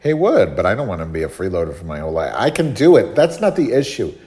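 Man, lowish voice, dry sardonic storyteller, casual podcast banter. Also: fast. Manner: sardonic, animated storyteller who mimics voices. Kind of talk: casual chat, telling a story.

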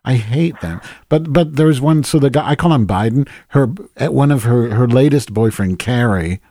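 A man co-hosting a casual podcast, ranting in a blunt, snarky way. His voice is dark and mellow, and the recording is close and dry with no room sound. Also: mid-range voice, lively intonation, moderate pace, dry recording. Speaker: podcast co-host. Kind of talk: casual chat.

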